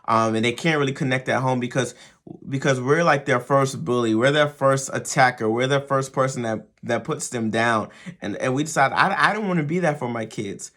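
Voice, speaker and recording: On his show for dads, the host gives advice in a conversational way, repeating words and checking in with "right?" again and again. He speaks at a medium pitch with a bit of brightness.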